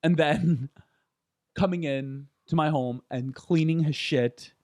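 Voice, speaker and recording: A man in his thirties talking candidly as a podcast guest, animated and often laughing. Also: a little high, takes it slowly, no echo, studio quality. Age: 30s. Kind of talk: casual conversation.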